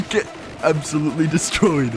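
A young man giving casual gameplay commentary, excitable and jokey, often laughing. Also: fairly high pitch, slow, music in the background. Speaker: gaming YouTuber.

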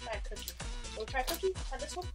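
A young adult woman vlogging a snack box unboxing, gushing with excitable exclamations as she tastes each treat. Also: high-pitched, rapid-fire, music in the background. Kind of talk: casual unboxing chat.

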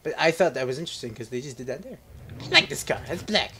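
Crude, joking gameplay commentator. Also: male voice, a little high, animated, quick pace, bright, forceful tone, a little hiss or hum. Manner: casual, crude, joking, laughs often. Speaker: let's play host.

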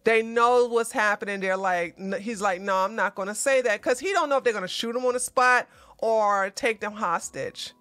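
A woman hosting a political commentary show, talking over a video in an animated, emphatic way. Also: fairly high pitch, normal speed, no echo. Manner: animated, emphatic, profane outbursts.

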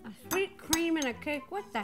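Lively high-voiced woman hosting. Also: brisk, music in the background. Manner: playful, giggly, excited. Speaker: host. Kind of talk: casual chat.

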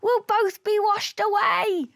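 A woman's voice: sits high, sing-song, takes it slowly, a bit bright, no echo, studio quality, exaggerated voice. A woman voicing a timid, small male alien explorer in a storybook, speaking in a nervous, fretful way.

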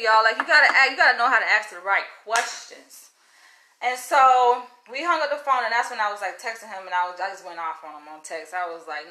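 A woman vlogger telling a story to camera in a casual, blunt, animated way, swearing freely. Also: fairly high pitch, a little fast. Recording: echoey room.

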